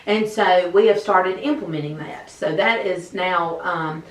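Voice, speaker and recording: Woman teacher, lowish voice, chatty with fillers; distant mic, roomy sound. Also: measured pace. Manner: conversational, with frequent fillers. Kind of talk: interview answers. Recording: echoey room, mic at a distance.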